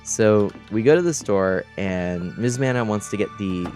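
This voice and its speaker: A tired man casually chatting on a gaming stream, telling stories in a rambling, animated way and laughing often. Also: lowish voice, moderate pace, faint music behind. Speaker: streamer and game host.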